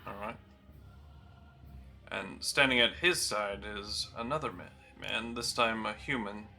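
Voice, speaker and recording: A man narrates a fantasy tabletop game as its game master. His voice is strikingly bright and forceful, and he describes halls and characters in a relaxed, descriptive way, with fillers now and then. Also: on the low side, a little slow, vocal fry.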